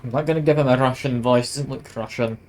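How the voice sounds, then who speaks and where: A man's voice: medium pitch, fairly even intonation, quick pace, a little mellow, poor audio. A man streaming a video game, reading the on-screen text aloud and adding wry, self-mocking asides. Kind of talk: casual let's-play narration, reading game text aloud.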